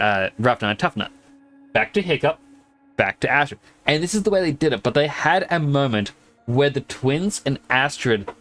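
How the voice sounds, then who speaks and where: Chatty streamer with a lively voice. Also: male voice, mid-range voice. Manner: rambling, chatty, laughs often. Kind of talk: casual gaming stream chat.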